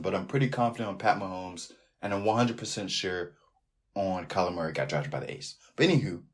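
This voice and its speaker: A man hosting a sports podcast alone, talking in a loose, animated way that keeps drifting off into tangents. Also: medium pitch. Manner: rambling, animated, riffs off on tangents. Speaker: podcast host. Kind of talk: casual sports podcast monologue.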